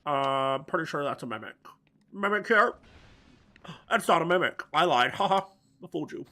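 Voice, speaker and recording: Man, high and bright voice, rambling gameplay commentary with absurd crude jokes. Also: lively intonation, moderate pace. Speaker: gaming video host. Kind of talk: let's-play commentary.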